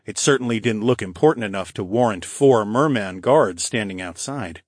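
A man reading a fantasy audiobook in first person, evenly and clearly. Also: on the low side, moderate pace, darkish tone, no room sound, studio quality. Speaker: audiobook narrator. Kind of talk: scripted first-person narration.

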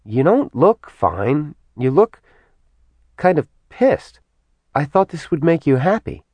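A man's voice: fairly high pitch, big pitch swings, slow pace, dark tone, breathy edge, no echo, voice pushed up, exaggerated voice. A man voicing a bold, mocking young woman in a storybook reading. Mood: teasing. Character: sassy, teasing young woman.

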